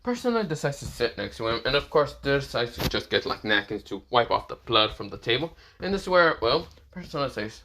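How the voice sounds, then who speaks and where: A man's voice: mid-range voice, very animated, a little fast, hardly any pauses, sharp tone. A young man casually narrating an improvised fan story, rambling and filling gaps with repeated phrases. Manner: rambling, many fillers like "this is where, well".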